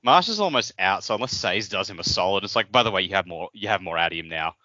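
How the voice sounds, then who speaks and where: A man with a very deep voice that still cuts bright and forceful. He rambles through his thoughts in casual podcast chat. The audio is dry and muffled. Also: lively intonation, fast, no echo. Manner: rambling, acts out characters' lines in quotes. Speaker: podcast co-host.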